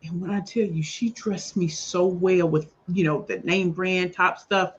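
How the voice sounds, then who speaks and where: A woman appearing as a talk show guest, telling her personal story candidly and emphatically, with sudden loud bursts on key words. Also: lowish voice, steady tone, a little slow. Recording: slightly dull lo-fi audio.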